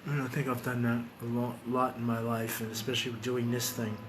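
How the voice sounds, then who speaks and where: A man talking bluntly and profanely in a low, quiet voice while grieving, then singing along to guitar. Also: level tone, a little fast, background noise. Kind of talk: emotional casual talk and singing. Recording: loud guitar music behind.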